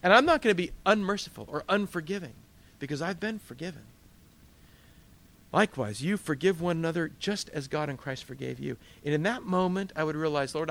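A man preaching a sermon as a pastor at a church service, animated and emphatic, with frequent rhetorical questions. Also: a little high, fairly quick, vocal fry.

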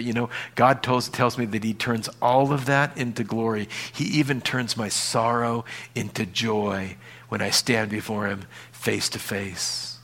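A man preaching a sermon in a conversational way, dropping to quiet emphasis and acting out small everyday scenes. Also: medium pitch. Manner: acts out little scenes with voices. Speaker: pastor.

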